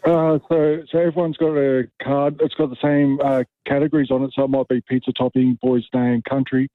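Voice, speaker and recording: Aussie bloke calling in, flat relaxed voice, tinny phone line. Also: male voice, medium pitch, a little fast, dry recording. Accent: Australian. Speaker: caller.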